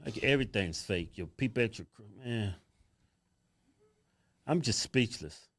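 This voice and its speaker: A man's voice: lowish voice, expressive, unhurried. A middle-aged man bantering with his co-host, joking and laughing often. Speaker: political commentator.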